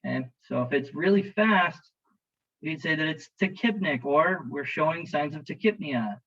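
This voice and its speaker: A man narrates a slideshow lecture as an EMT instructor, chatty and joking and speaking straight to his students. His voice sits a bit high. The recording is dull and lo-fi. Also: expressive, unhurried. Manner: jokey, conversational, talks to students directly.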